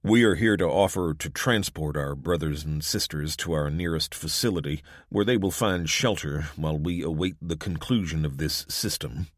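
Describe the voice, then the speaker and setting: A man's voice: a bass voice, moderate pace, hardly any pauses, no room sound, studio quality. A man doing a stiff, pompous religious recruiter. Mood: formal. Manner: formal, stilted, preachy.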